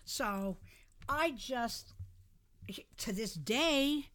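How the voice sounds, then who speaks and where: A middle-aged woman telling a story in a casual podcast chat, animated and dramatic. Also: a little high, drawn-out words.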